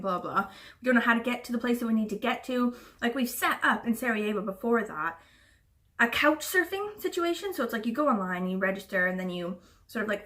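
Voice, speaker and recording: A woman's voice: medium pitch, a bit bright, far from the mic. A woman telling a travel story in a casual, chatty way, with lots of fillers and casual swearing. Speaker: booktuber.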